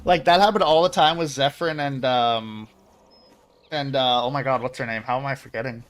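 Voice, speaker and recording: A male game streamer chatting off the cuff while he plays. He rambles, laughs at himself and swears freely, his voice sitting at an ordinary middle pitch. Relaxed live-stream talk. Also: brisk. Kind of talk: casual chat.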